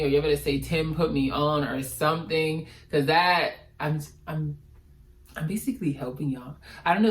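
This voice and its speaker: A man's voice: a little high, poor audio. Young male vlogger, casual chat, slangy and theatrical. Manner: animated, slangy, dramatic.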